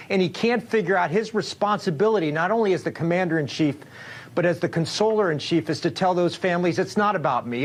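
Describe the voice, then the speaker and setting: A man speaking as a television news commentator, indignant and cutting. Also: on the high side.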